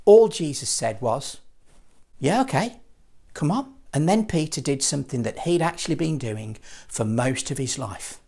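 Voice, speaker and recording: A man's voice: mid-range voice, lively intonation, normal speed, creaky, few pauses, warm tone. A man and children's puppeteer telling a Bible story in a playful, dramatic way. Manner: playful, dramatic, with lots of vocal swings.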